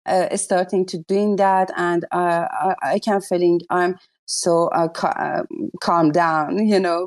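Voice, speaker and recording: A woman hosting a live audio chat, effusive and exclaiming often, speaking in broken non-native English. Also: on the low side.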